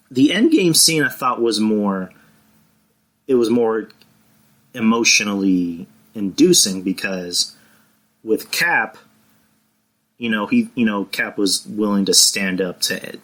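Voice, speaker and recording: Male podcast co-host, low bright tone, loose and rambling, swears casually.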